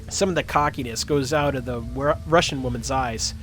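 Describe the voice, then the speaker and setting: A man's voice: medium pitch, normal speed, few pauses, a bit bright, faint music behind. A man running and narrating a tabletop game on a livestream, with self-mocking asides. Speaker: game master.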